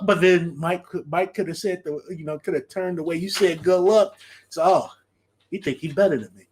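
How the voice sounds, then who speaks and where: A man with a high, lively voice hosts a solo podcast. He chats casually in an animated way, laughs often and repeats his phrases. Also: normal speed. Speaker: podcast host.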